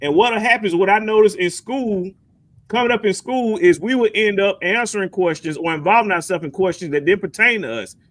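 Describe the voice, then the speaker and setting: A man's voice: high-pitched, brisk, fairly bright tone. A man hosting a casual call-in show, talking in long rambling runs and repeating words as he thinks. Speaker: host.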